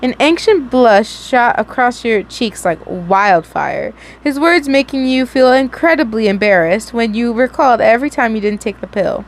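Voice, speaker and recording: A woman's voice: fairly high pitch, animated, moderate pace, few pauses. A young woman reading a fanfiction story aloud in a casual way, giggling and chatting to her listeners between passages. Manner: giggly, chatty, frequent self-corrections. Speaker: story reader.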